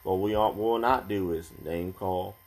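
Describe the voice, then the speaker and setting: A young man co-hosting a casual podcast chat, talking in a calm, measured, advice-giving way. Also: deep voice.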